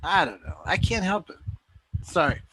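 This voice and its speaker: A man's voice: high voice, sing-song, normal speed, bright, forceful tone, a little hiss or hum. A man hosting a live call-in show, chatting casually and telling rambling stories. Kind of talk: casual chat.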